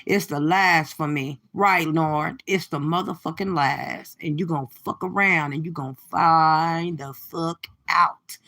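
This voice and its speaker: A woman's voice: low voice, steady tone, unhurried, few pauses, bright, forceful tone. A woman hosting a casual reaction livestream, delivering profane, sassy trash talk straight to her viewers. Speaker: livestream host.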